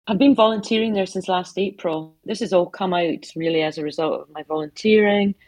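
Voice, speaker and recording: A woman's voice: lowish voice, fairly quick, no room sound. A middle-aged woman telling heartfelt stories as an author in an interview, speaking from her home office. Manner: heartfelt storytelling with soft asides. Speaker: author guest. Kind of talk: conversational interview answers.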